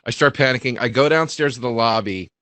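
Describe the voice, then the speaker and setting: A comedian telling a rambling, self-deprecating story in casual chat over a video call. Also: male voice, mid-range voice, fairly quick, bright, forceful tone, no echo. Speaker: comedian guest.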